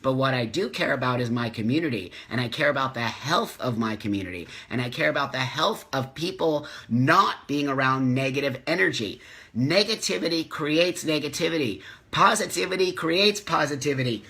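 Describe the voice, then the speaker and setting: A man's voice: mid-range voice, animated, normal speed, sharp tone, slightly rough. A middle-aged man hosting a live stream, speaking with passion and repeating himself for emphasis as he reads viewer comments. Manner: impassioned, emphatic repetition. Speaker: host.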